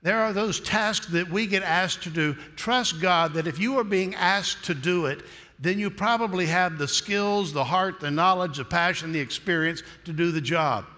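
A man's voice: high-pitched, moderate pace, bright, forceful tone, in a large hall. A man preaching a sermon in a folksy, humorous storytelling manner.

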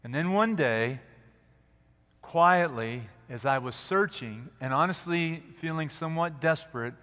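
A man preaching a sermon as pastor, earnest and gentle, dropping to a soft hush at quiet moments. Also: a little high, unhurried. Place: church sanctuary. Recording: long church hall reverb.

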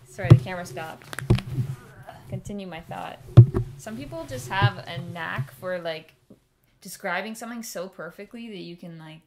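A woman's voice: fairly low pitch, normal speed, very noisy. A young woman co-hosting a podcast, chatting casually with lots of "like" fillers. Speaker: podcast co-host. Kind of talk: casual chat.

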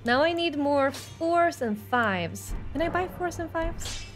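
High-voiced excitable woman streamer. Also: slow pace, soft background music. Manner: excitable, jumps between nervous chatter and yelping. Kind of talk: live gameplay commentary.

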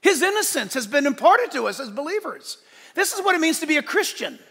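Animated man preaching in a reverberant hall. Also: extremely high pitch, brisk, vocal fry. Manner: animated and emphatic, swinging between shouts and soft asides. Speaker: pastor. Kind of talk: sermon. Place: church sanctuary. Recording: large hall with long reverb.

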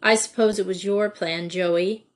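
A kind but firm young headmistress, voiced by a woman reading aloud, calm and gently scolding. She speaks slowly and evenly in an audiobook. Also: mid-range voice, close to an everyday voice.

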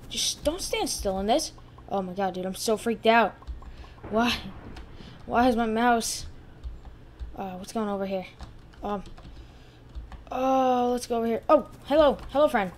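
A woman with a fairly high voice narrates her own gameplay as she plays at her computer. She swings between loud exclamations and quiet muttering to herself, with a faint hum of noise underneath. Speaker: channel host. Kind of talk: live gameplay commentary.

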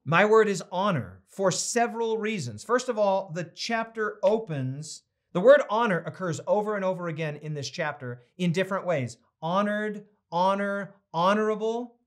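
A man's voice: sits high, lively intonation, normal speed. A middle-aged man teaching a Bible study, preaching with emphasis and then chatting playfully as he reads out viewers' comments.

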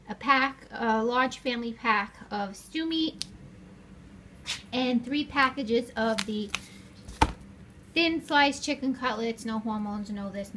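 With a fairly high, fairly bright voice, this middle-aged vlogger keeps up a chatty commentary while filming her shopping outing. She talks her way through the stores, her car and her house, with slight background noise.

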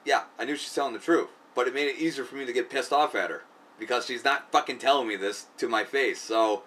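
A video creator with a medium-pitched, fairly bright voice talks at a quick pace, telling a long personal story full of profanity, fillers, and casual rambling. The mic is distant and faint background noise comes through.

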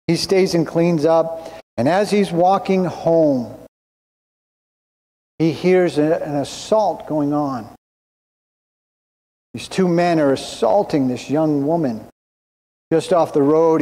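A male pastor delivers a sermon at a slow, measured pace, his voice sitting fairly high but with a dark, mellow tone. He speaks deliberately and quotes scripture. The sound carries a long church-hall reverb. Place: church sanctuary.

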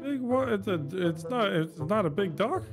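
A man in casual gaming banter, giggly and animated as he guesses and teases. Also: sits high, normal speed, over loud music. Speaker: gamer in a voice-chat group.

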